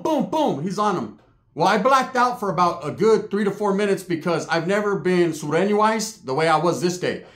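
A man telling a street story in slangy, casual talk, shouting high when he acts out other people. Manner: slangy, animated, voices others with loud high yells. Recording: echoey room.

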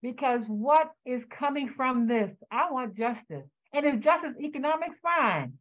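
A woman's voice: sits high, lively intonation, moderate pace. An older woman on a video call giving very emotional, impassioned testimony, repeating herself as she speaks. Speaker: community descendant speaking on a panel. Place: home, joining by video call. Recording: tinny phone-like video call audio.

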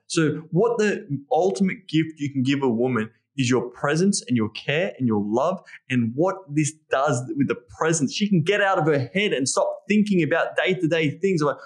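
A man coaching on dating in a relaxed podcast chat. He talks bluntly and swears freely, slipping into quick acted-out lines, his voice sitting a touch higher than most men's. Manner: blunt, profane, acts out his own lines. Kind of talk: casual podcast conversation.

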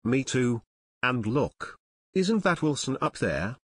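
Male reader doing steady teen boy detective, storybook, firm, mid pitch. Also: slow, husky, dry recording, full character voice. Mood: determined. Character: older teenage boy detective, level-headed and determined.

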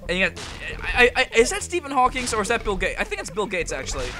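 A man giving casual, rambling commentary while playing a game, excitable and swearing freely. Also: high voice, fast talker. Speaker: gameplay commentator. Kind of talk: casual let's-play commentary. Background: game music.

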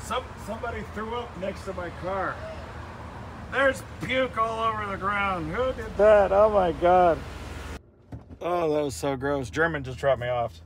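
A man vlogging outdoors on city streets, excitable and joking as he walks and talks. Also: medium pitch. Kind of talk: casual vlog walk-and-talk. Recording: street noise, passing traffic.

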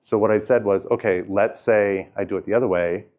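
A man's voice: fairly low pitch, steady tone, fairly quick, darkish tone. Man in a casual self-help talk. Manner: conversational, rambling, many fillers and restarts. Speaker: host sharing personal experience.

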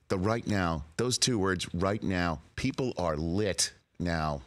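Animated sports talk host, lively pitch. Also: male voice, takes it slowly, few pauses. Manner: animated, mock-dramatic, playful riffing. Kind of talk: sports talk radio monologue.

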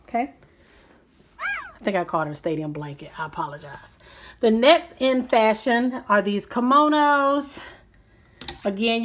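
A woman's voice: mid-range voice, a bit bright. A woman chatting casually in a fashion vlog from her bedroom at home, slightly out of breath and often apologizing to her viewers. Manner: chatty, apologetic, addresses viewers as guys and y'all. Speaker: vlogger.

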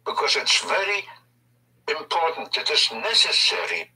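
Slow, patient man teaching from a distance. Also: on the high side, very animated, pushed and bright, slightly rough. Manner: slow, patient, emphatic explaining with repetitions. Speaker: language teacher. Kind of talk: recorded language lesson.

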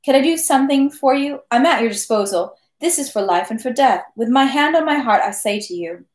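A woman's voice: high voice, animated, brisk, roomy sound, pitched above the performer's own voice. A woman reading aloud and voicing a merry, boastful male French army captain who talks in an effusive, insistent way. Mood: concerned, earnest.

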